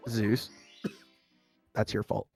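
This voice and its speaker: A young man commentating a live speedrun event in a chatty, relaxed way, laughing often. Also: lowish voice, slow pace, vocal fry, faint music behind.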